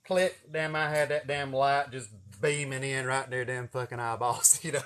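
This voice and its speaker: A man's voice: medium pitch, fairly even intonation, moderate pace, fairly bright tone. A man, telling a funny story in a casual, profane, folksy way.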